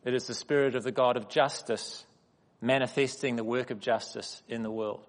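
A man giving a sermon in a measured, emphatic way, pausing deliberately between phrases. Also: mid-range voice, fairly even intonation. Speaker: guest speaker at a church. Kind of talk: sermon with personal stories. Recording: long reverb of a hall.

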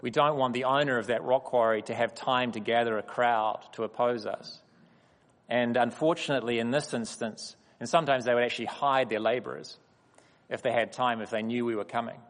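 Man, sermon, emphatic measured delivery, mid pitch, long hall reverb. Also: steady tone. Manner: measured, emphatic preaching with deliberate pauses. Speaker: guest speaker at a church. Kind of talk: sermon with personal stories.

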